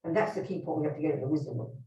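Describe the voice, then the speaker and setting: A woman's voice: deep voice, very fast, warm tone, recorded from a distance, muffled recording. A Buddhist nun teaching a live workshop, speaking bluntly and emphatically and putting direct questions to her listeners. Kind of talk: teaching talk to a live group. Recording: roomy hall, speaker away from the mic.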